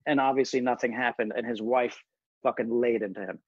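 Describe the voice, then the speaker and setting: Husky man telling animated stories. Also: mid-range voice, fairly quick, no echo. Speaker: guest, comedian. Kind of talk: casual chat over video call. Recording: dry, dull remote call audio.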